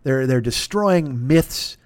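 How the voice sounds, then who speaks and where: A man hosting a podcast, plugging a sponsor in a crude, profane, self-mocking ramble that swings between loud bursts and muttered asides. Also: medium pitch, animated, takes it slowly, no room sound. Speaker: podcast host.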